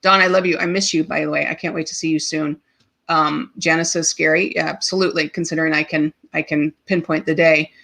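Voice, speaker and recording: A woman's voice: sits low, flat delivery, fairly quick, creaky, fairly bright tone. A woman hosting a live podcast, telling a personal story in an open, emotional way with many ums and restarts, at times choked up. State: choked up, tearing up. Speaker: podcast host.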